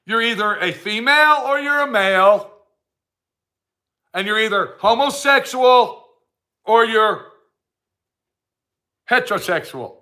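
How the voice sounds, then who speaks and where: High-voiced man on a slow, blunt rant. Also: animated, sharp tone. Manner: blunt, heated and repetitive. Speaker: vlogger. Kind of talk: ranting monologue to camera.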